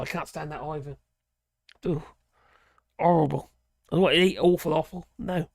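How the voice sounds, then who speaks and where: Live-stream host, gravelly voice, rambling chat reading comments aloud, dry close sound. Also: medium pitch, moderate pace, no room sound. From Norwich, England. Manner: rambling, chatty, reacts to viewer comments aloud.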